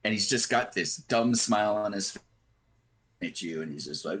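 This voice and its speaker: A man running a tabletop game as game master over a voice call, talking haltingly with many fillers. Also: fairly low pitch, lively intonation, a bit bright, slightly rough, low-quality recording. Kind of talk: narrating a tabletop game online.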